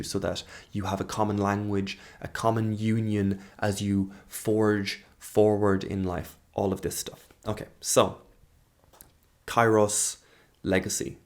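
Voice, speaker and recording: Host, thirties, male, low-pitched, reflective and searching, trails off mid-thought. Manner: earnest, searching, trails off and restarts. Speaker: podcast host. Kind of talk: reflective monologue.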